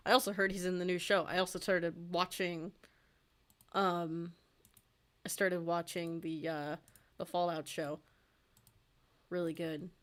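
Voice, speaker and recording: A woman's voice: fairly low pitch, flat delivery, unhurried, long pauses, fairly bright tone. Rambling young woman chatting while drawing. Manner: rambling, lots of fillers, easily amused. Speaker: streamer and artist. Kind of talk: casual livestream chat while drawing.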